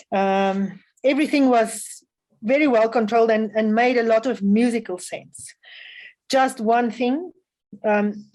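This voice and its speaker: A woman's voice: mid-range voice, darkish tone, rough recording. Woman giving music feedback. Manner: measured, instructive, frequent um fillers. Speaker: music festival adjudicator. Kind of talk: spoken feedback to young violinists.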